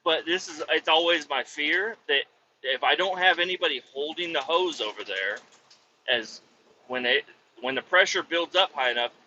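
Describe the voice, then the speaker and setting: A man spins a long, meandering work story and swears freely all the way through. His voice rides slightly high with a piercing, forceful brightness. The recording sounds somewhat muffled and lo-fi, with a faint hum of ambience behind him. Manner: rambling, heavy swearing. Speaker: podcast host, vacuum truck operator. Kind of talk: casual storytelling monologue.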